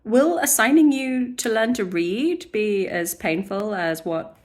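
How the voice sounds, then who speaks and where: A woman's voice: medium pitch, lively intonation, slow, pitched above the performer's own voice. A woman briefly voicing a smug male fae lord in her own voice, mocking and lazily teasing.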